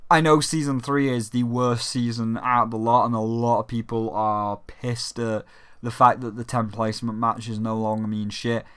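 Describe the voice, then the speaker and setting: British young guy ranting on games, bright tense delivery, crisp clean tone, swears often and mocks others. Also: medium pitch, normal speed. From Britain. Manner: sweary, animated, mocking voices. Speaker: gaming channel host. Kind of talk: casual ranting commentary.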